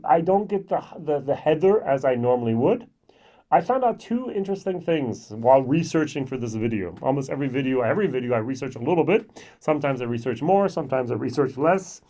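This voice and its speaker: A man's voice: mid-range voice, a little mellow. A middle-aged man giving a casual whisky tasting review to camera, chatty and thinking aloud with lots of ums and self-corrections.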